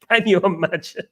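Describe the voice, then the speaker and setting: A man whose voice sits high with a fairly bright tone hosts a live football watchalong. He talks to his live chat casually, his replies tinged with exasperation.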